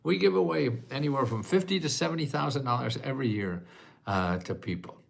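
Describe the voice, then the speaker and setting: An American man in his eighties hosting a casual livestream chat, self-mocking and quick to laugh, sometimes choking up with emotion. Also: mid-range voice, vocal fry. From United States. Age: 80s. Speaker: host answering viewer questions.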